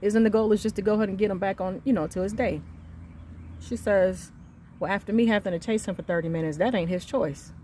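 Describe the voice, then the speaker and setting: A woman in her thirties telling an angry story about her son's school, emphatic and reenacting the conversations, swinging between quiet and loud. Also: mid-range voice, fairly even intonation, fairly quick, slight background noise. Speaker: mother venting on her channel. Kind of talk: heated storytelling rant.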